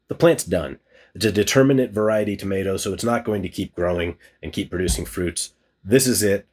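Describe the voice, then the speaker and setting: In a lowish, slightly mellow voice, a gardening channel host casually presents what he's harvested from his hydroponic setup. He keeps it upbeat and hands-on, joking in a self-deprecating way.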